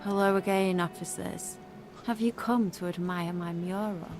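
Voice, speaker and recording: A man putting on a snippy, high young woman. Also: steady tone, moderate pace, over music, natural voice.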